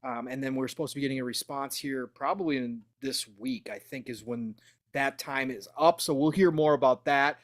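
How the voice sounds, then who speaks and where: A man hosting a gaming podcast in casual chat, animated and full of "uh" fillers. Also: mid-range voice, normal speed, dry recording, studio quality. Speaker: podcast host.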